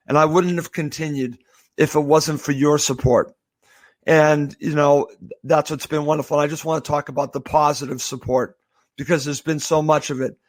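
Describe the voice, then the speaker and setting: An emotional man from the area, wrapping up his long-running podcast. His voice sits a little high and the sound is close and dry. He talks haltingly, stops and restarts, and says thank you over and over. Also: fairly even intonation, no echo. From Boston area, USA. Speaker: podcast host. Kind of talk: heartfelt farewell monologue.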